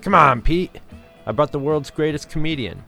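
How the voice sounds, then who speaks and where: A man's voice: medium pitch, fairly quick, faint music behind, close to an everyday voice. A man voicing a cocky, easygoing male zookeeper who talks casually and persuasively.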